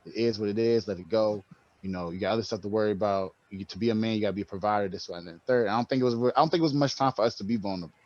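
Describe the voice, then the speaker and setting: A man co-hosts a podcast, chatting casually and telling stories animatedly, packed with slang and profanity. His voice is on the low side and rapid-fire. The recording has no echo, and its highs are cut off.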